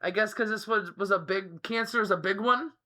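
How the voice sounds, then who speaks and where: A woman's voice: mid-range voice, a little fast, pushed and bright. A woman co-hosting a podcast in casual, chatty talk, swearing freely. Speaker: podcast co-host. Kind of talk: casual chat.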